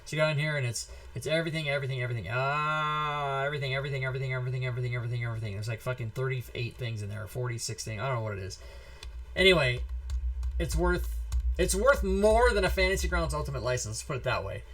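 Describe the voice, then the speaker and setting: A man in his forties hosting a casual talk show, telling stories in an animated, profane way. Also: mid-range voice, rapid-fire. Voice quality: animated, profane, shouts when reenacting. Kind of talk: casual storytelling and giveaway.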